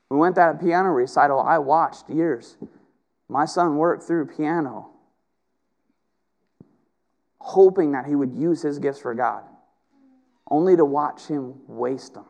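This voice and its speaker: A middle-aged pastor preaches with fervor, and his voice sits a little higher than most men's. He swings between loud, emphatic bursts and hushed, personal moments, leaning hard on single words. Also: slow pace, creaky, pauses often. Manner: impassioned, swings between loud emphatic peaks and quiet intimate stretches. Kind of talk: sermon.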